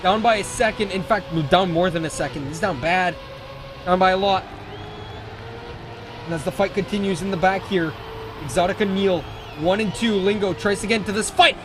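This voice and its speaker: A man casting a racing esports match with play-by-play commentary, excitable and jokey, often correcting himself mid-call. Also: high-pitched, normal speed, noisy background. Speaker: esports caster.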